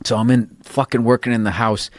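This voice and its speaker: A man's voice: mid-range voice, little pitch movement, a little fast, no echo, studio quality. A man chatting casually, telling profane stories and laughing through them. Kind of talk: casual chat.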